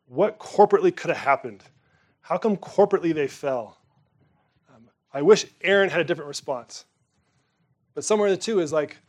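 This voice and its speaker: A man delivering a sermon in a loose, conversational way, with a voice sitting a little high for a man. He presses hard on some words, then lets his voice fall soft and low. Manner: conversational preaching, swings between emphatic and quiet. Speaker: pastor.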